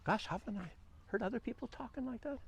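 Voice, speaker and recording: A man vlogging outdoors on a quiet morning walk, chatting loosely about the news, meandering and often chuckling. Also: extremely high pitch, quick pace, creaky, slightly rough. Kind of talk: rambling commentary on the news.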